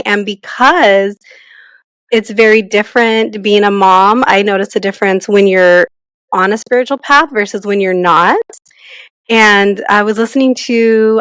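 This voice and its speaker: A woman's voice: mid-range voice, clean tone, no echo, rough recording. A woman who co-hosts a podcast, chatting casually in a rambling way with lots of fillers. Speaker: podcast co-host.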